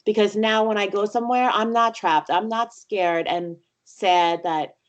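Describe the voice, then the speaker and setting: A young woman talks in a casual podcast conversation, earnest and reflective. Her voice sits at an ordinary middle pitch for a woman. She sounds encouraging and thoughtful as she talks things through. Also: steady tone, measured pace, muffled recording. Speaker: podcast guest.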